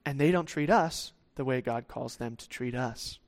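A man's voice: medium pitch, normal speed. A man preaching a sermon in a conversational way, acting out the voices of people he quotes.

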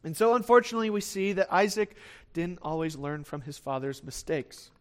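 A man's voice: high-pitched, lively intonation, brisk. A man preaching a sermon, reading scripture and explaining it in a conversational way with fillers, and sometimes acting out the people in the story. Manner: expository Bible teaching with acted asides. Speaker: pastor.

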